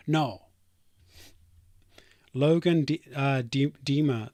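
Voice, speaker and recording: A man on a livestream, talking through companies and reading his chat aloud, rambling and brushing comments off. His voice is mid-pitched and sits dry and close on a desk mic. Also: unhurried, pauses often, a little mellow, no room sound. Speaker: streamer and software developer.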